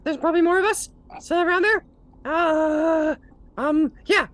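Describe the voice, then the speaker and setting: A game master voicing a terrified small male kobold who grovels, begs and stammers in a high squeaky voice. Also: measured pace, fairly bright tone. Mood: nervous.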